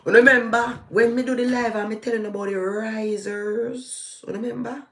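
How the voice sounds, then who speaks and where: A middle-aged Jamaican woman with a Jamaican accent, giving heated live political commentary that swings between slow, emphatic outbursts and quick asides in patois. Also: a little high, echoey room. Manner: animated, ranting, shifting into patois. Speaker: vlogger.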